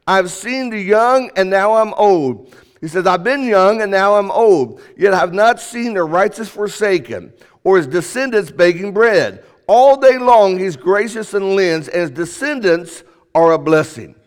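High-voiced man preaching in a reverberant hall. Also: animated, measured pace. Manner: emphatic, rising and falling sharply for emphasis. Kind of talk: sermon. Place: church auditorium. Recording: long reverb of a church hall.

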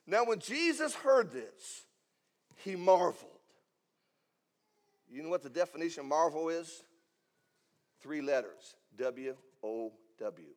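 A man preaching a sermon, swinging between loud emphatic lines and hushed asides. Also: high voice, very animated, unhurried. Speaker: pastor.

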